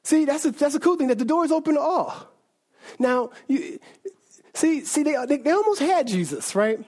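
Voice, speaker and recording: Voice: sits high, moderate pace. A preacher giving an informal, conversational sermon who checks in with the audience often and restarts sentences a lot. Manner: animated, conversational, keeps asking the audience "right?"; frequent restarts and self-corrections.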